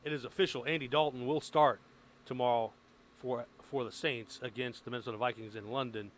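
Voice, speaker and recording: A man hosting a sports radio show, leading the talk in a lively, joking way. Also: mid-range voice, a little fast, slight background noise. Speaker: radio host.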